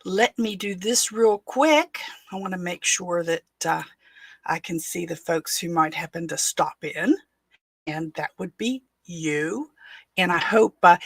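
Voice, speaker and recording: A woman's voice: mid-range voice, breathy edge, no room sound. A woman host from West Virginia with a West Virginian accent, chatting casually on a live stream and rambling with many fillers and restarts. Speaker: podcast host. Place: home.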